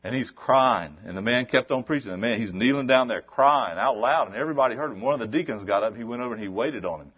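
A man preaching a sermon, shifting between quiet talk and loud, exhorting passages. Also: medium pitch, fast talker, hardly any pauses, slightly rough, dull audio.

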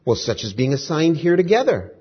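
A calm, faithful young woman prisoner, as a male preacher puts her on, speaking in a matter-of-fact and encouraging way. The tone is a little raised and husky. The recording sounds dull and lo-fi. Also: a little high, fairly quick, voice pushed up. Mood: serene.

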